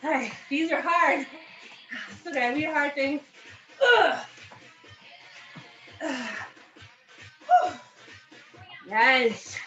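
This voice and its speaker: This young woman coaches a home workout, panting yet upbeat and cheering between sets. Her high-pitched voice has a sharp tone, and she speaks slowly with frequent pauses in a roomy space. It's dull lo-fi audio with faint music playing.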